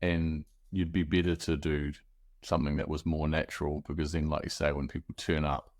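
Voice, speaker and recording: A man, a real estate agent guest on a webinar, talking in a relaxed, agreeable way in short phrases over a video call. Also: very deep voice, a little fast, no room sound, studio quality. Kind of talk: casual conversation.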